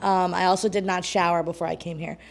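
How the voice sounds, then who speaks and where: A woman's voice: lowish voice, level tone, fast talker, vocal fry. A young woman, a poet and co-host, reading at an open mic in a small community venue. She sounds out of breath and nervous, with chatty laughing asides. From New York State.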